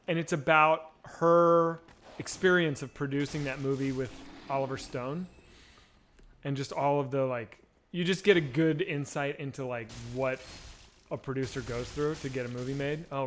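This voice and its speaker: Over a slight hiss or hum, a man with a mid-range, fairly bright voice streams a game and talks with his audience in a loose, rambling, profane way, often restarting what he says.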